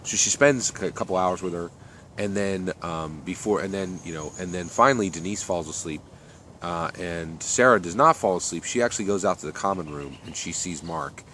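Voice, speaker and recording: A man's voice: low-pitched, moderate pace, bright, forceful tone, slight background noise. A man telling a story off the cuff, rambling with many fillers and restarts. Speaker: author telling his story. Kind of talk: unscripted story narration.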